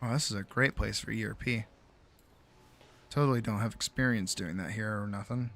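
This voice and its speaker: A man's voice: lowish voice, normal speed, a bit bright, soft background music. A tired man streaming late at night from home on a desk mic, chatting casually, rambling, swearing freely and mocking himself. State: tired, sore jaw. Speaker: streamer and animator.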